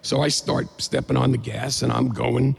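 A man telling a funny story to a crowd in an animated, playful, self-mocking way. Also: mid-range voice, normal speed, gravelly, husky, long reverb tail. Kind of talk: live comedic storytelling.

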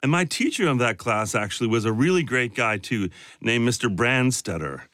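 A man from Chicago talks as an interview guest, rambling loosely and leaning on "you know" and "like." His voice sits at an everyday middle pitch. The studio sound is close and dry. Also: animated, normal speed, fairly bright tone, dry recording. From south side of Chicago. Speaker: guest, actor. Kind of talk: casual interview conversation.

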